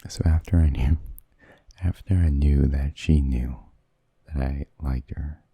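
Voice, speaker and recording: A man with an extremely deep voice, dark and husky with a gravelly edge, tells hesitant, meandering stories in a soft-spoken ASMR style. He talks slowly and often drops into whispers close to the mic. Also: fairly even intonation, dry recording. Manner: rambling and hesitant, drifting into whispers. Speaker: ASMR creator.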